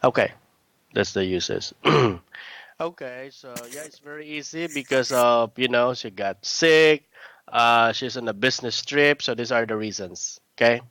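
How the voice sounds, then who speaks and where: A man teaching a one-on-one English lesson, patiently correcting his student's words and often clearing his throat. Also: mid-range voice, a little slow, a bit bright, no room sound. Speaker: English tutor.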